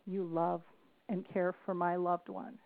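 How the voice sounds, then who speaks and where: A woman's voice: on the low side, flat delivery, a little slow. Earnest middle-aged woman on a phone line. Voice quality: earnest, storytelling delivery with restarts. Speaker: family caregiver and public speaker. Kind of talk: emotional podcast interview over the phone. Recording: tinny phone line, dry.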